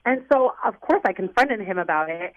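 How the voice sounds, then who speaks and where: Young woman, radio caller, flustered, rambling, mid pitch, dry phone sound. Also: expressive, normal speed, no echo, highs cut off. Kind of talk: call-in radio chat.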